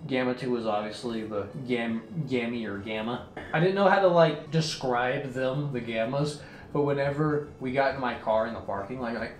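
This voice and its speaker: A man rambles through a casual movie review, retelling scenes and swearing casually. His mid-pitched voice sits in an echoey room. Faint background noise hangs behind him. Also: moderate pace.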